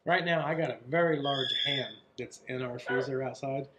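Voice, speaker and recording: A man chatting casually at home on a diet vlog, relaxed and rambling. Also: mid-range voice, normal speed, background noise. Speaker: co-host of a keto vlog channel. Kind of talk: casual chat.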